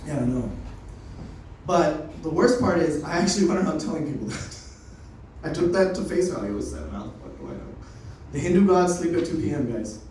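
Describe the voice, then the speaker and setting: A young stand-up comic does a loose, unrehearsed set in a comedy open mic room, telling stories full of swearing and laughs. His voice is a little high and darkish, brisk, with big pitch swings, recorded from a distance in an echoey room with slight hiss or hum.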